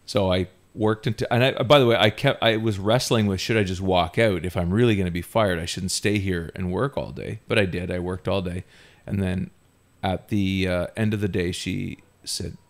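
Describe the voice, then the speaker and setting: Man, low voice, animated and self-mocking podcast storyteller. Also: moderate pace. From Ontario, Canada. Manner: animated, self-mocking, laughs often while telling. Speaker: podcast host. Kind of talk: casual storytelling.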